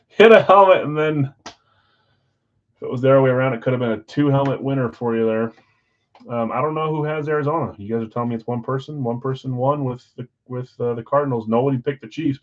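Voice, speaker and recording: Male break host, mid-pitched, upbeat countdown calls, slightly dull stream sound. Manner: energetic countdowns, chatty with viewers; auctioneer-like rapid calls. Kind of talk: live-streamed card break commentary.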